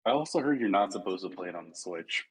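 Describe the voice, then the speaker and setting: A young man co-hosting a casual online chat, telling stories with relaxed banter. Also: deep voice, fast talker, husky, no echo. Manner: storytelling, acts out quotes. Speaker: co-host. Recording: dull lo-fi mic.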